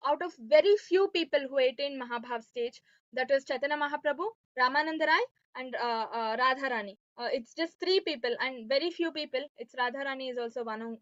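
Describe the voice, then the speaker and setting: High-voiced woman teaching scripture. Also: fairly bright tone, no room sound. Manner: keeps asking listeners "right?" and "okay". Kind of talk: devotional lesson storytelling. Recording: dull lo-fi dry sound.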